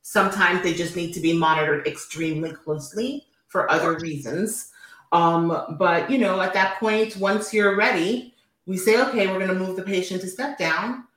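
A woman's voice: on the low side, moderate pace, a bit bright. Woman nurse explaining, echoey room. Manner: patient, explains step by step with many fillers. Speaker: nurse, interview guest. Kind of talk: explanatory interview answers.

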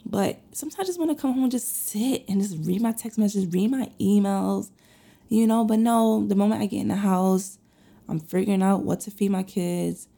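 Gravelly, dark-voiced woman chatting candidly. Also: mid-range voice, normal speed. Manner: candid, rambling, uses many fillers. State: getting over a cold. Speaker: podcast host and lash artist. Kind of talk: casual personal chat to listeners.

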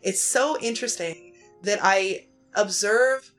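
A woman's voice: mid-range voice, slow, fairly bright tone. A Canadian woman hosting a podcast, chatting casually with lots of fillers and restarts, faint music behind. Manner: chatty, many fillers and restarts, laughs often. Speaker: podcast host. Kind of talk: casual conversation.

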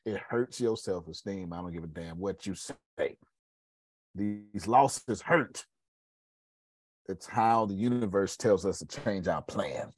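Male host, husky and dry, blunt motivational talker who repeats himself and swears. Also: low voice, lively intonation, a little slow, a little mellow, no room sound. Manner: blunt, repetitive, swears freely; addresses listeners by name. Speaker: host of a coaching meeting. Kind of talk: casual motivational talk.

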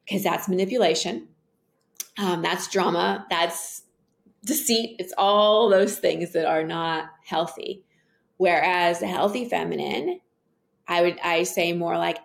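A woman speaking as a guest in a casual interview, telling stories in an earnest, animated way. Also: fairly low pitch, slow, creaky.

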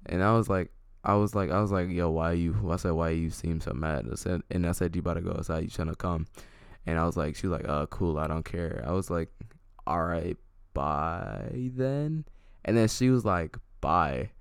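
A young man with a very deep, low voice rambles through a story in casual chat, restarting his sentences and voicing both sides of an argument. He sounds close and completely dry, with no room sound at all. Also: moderate pace, clean tone, dry recording. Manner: rambling, restarts often, acts out both sides of text exchanges.

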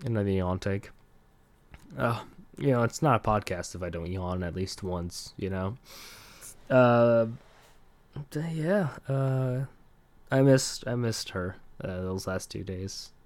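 A man's voice: fairly low pitch, slow pace, long pauses, a little mellow, dry recording. A young man hosting a casual solo podcast, rambling with lots of fillers and laughing at himself. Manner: rambling, filler-heavy, self-deprecating, laughs often. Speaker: podcast host.

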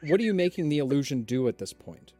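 A man running a tabletop game as game master, relaxed with many fillers. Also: on the high side, fast talker, no echo. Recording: dry, with faint music.

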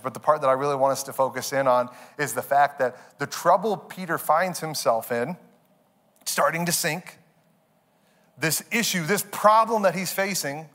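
A man's voice: on the high side, fairly bright tone. A male pastor preaching a sermon in a conversational way, repeating phrases and acting out little asides.

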